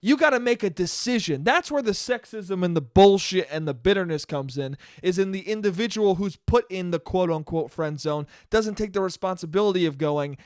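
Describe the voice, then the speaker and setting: High-voiced man ranting on a podcast. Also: expressive, fairly quick, few pauses, no room sound, studio quality. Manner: heated, profane, emphatic. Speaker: podcast host. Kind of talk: solo podcast rant.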